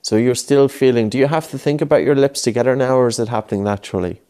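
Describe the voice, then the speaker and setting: A man's voice: mid-range voice, fast, mellow. A man coaching a child through breathing exercises, patient and coaxing, repeating his cues. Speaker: breathing instructor. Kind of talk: guided breathing lesson with a child.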